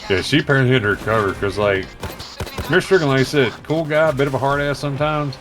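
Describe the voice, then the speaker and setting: Talking fast in a medium-pitched voice, a man tells a crude story while streaming gameplay, voicing the people he quotes. Loud music plays behind him.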